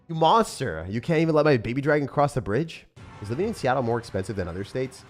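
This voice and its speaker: A man's voice: medium pitch, lively intonation, brisk, soft background music. A young man streaming a game live, joking at his own expense and answering chat. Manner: self-mocking, jokey, reads and answers chat.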